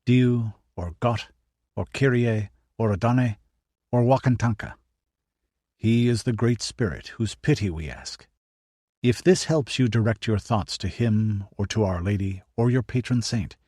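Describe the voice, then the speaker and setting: A man reading as a calm, gentle priest. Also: on the low side, measured pace, no echo, clean studio sound. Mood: reassuring. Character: calm middle-aged male priest, patient and gentle.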